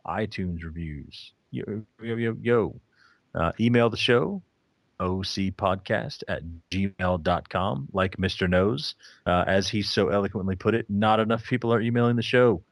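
Male podcast host with a low, dry sound and a laid-back, wry delivery. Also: normal speed, no room sound. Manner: laid-back, dry humor, reads out plugs. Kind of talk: casual podcast chat. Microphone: new microphone.

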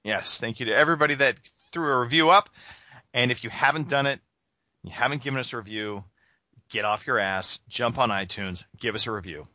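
A man's voice: mid-range voice, a little fast, sharp tone, dry recording. A man hosting a gaming podcast, chatting casually and joking, with plenty of fillers. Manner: joking, rambling with many fillers. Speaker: podcast host.

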